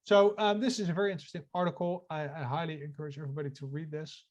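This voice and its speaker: Male podcast co-host, slightly high, jokey casual reader who stumbles. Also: fairly even intonation, rapid-fire, highs cut off. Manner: jokey, stumbles and repeats words. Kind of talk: casual chat, reading text aloud.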